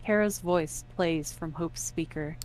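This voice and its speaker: A woman narrating a story in the second person, measured and descriptive. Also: lowish voice, darkish tone, slight background noise, rough recording.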